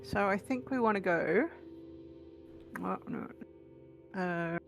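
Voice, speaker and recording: A woman's voice: on the low side, vocal fry. A middle-aged woman casually thinking aloud while playing a card game. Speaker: streamer's mother, playing the game.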